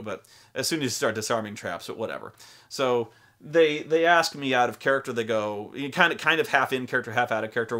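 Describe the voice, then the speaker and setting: Speaking quickly at a medium pitch, a young adult man hosts a casual tabletop role-playing game talk in a pushed, bright voice. He rambles, swears, and acts out plenty of quotes.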